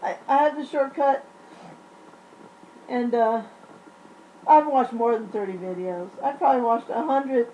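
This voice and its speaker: High pitched lady venting to camera, sick and cussing a lot, kinda worn out. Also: measured pace, dark tone, dull audio, slight background noise. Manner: blunt, profane, exasperated ranting. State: unwell during an illness flare-up. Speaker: vlogger. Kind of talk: ranting vlog.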